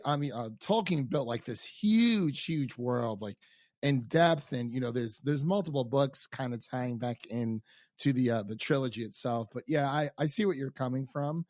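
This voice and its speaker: A man's voice: mid-range voice, moderate pace, dry recording, clean studio sound. A man co-hosting a casual TV recap podcast, enthusiastic, acting out his own reactions as he talks. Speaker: podcast co-host.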